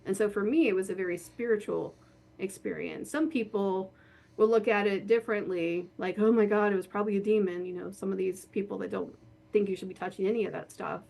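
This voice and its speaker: A woman guest telling a personal story in a casual, animated way, laughing often and saying "like" a lot. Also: medium pitch, fairly quick, gravelly. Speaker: guest, horror author and spirit board practitioner.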